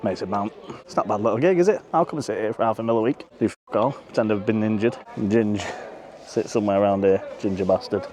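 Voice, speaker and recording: A man's voice: fairly low pitch, quick pace, darkish tone. A man vlogging outdoors at a football stadium, joking crudely, swearing freely and out of breath. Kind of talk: casual chat to camera.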